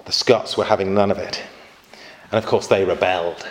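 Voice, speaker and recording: A man's voice: low voice, fairly even intonation, normal speed, a little hiss or hum. A man giving an informal church history lecture, adding chatty asides and asking his listeners questions.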